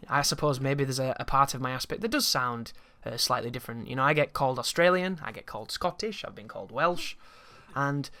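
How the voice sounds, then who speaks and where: A man's voice: medium pitch, fairly quick, hardly any pauses, bright, forceful tone. Rambling man commentating gameplay. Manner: rambling, opinionated, swears freely.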